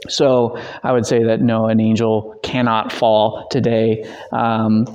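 A man teaching a church theology class, conversational and answering questions, acting out quotes in lively raised voices. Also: on the low side, slow pace. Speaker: Bible teacher.

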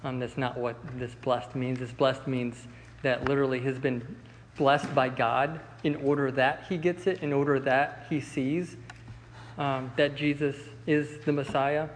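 A man leads a Bible lesson in an easy, chatty manner, stumbling into restarts and filler words. His voice sits at an ordinary pitch. It carries a long reverb from a large room, with faint ambient noise behind it. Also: unhurried. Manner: relaxed, conversational, with many fillers and restarts. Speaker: Bible study teacher.

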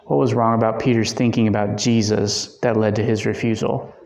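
A man's voice: lowish voice, steady tone, a little fast, vocal fry, darkish tone, a little hiss or hum. A man leading a Bible study discussion, talking conversationally with fillers and self-corrections. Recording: echoey room.

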